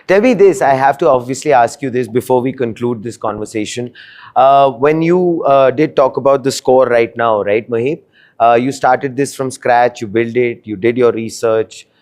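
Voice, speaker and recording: A man's voice: mid-range voice, a little mellow. Filler-heavy male show host. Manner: filler-heavy, drawn-out questions. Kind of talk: interview hosting.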